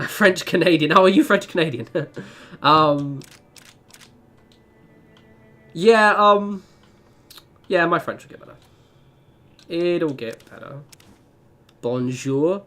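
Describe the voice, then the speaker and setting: A man's voice: a little high, measured pace, bright, forceful tone. A young man chatting casually while playing a game on stream, rambling with lots of fillers and self-deprecating asides. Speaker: gaming streamer.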